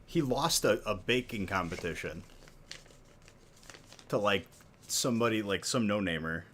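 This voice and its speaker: A man's voice: on the low side, expressive, a little slow, a bit bright, a little hiss or hum. A man hosting a live stream, ranting in casual chat and saying "like" a lot. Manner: ranting, heavy use of "like". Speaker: stream host.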